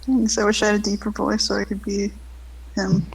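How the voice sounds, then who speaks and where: A woman's voice: mid-range voice, monotone, fairly quick, gravelly, husky, low-quality recording. A woman, a tabletop game player, chatting playfully and teasing her friends after a session.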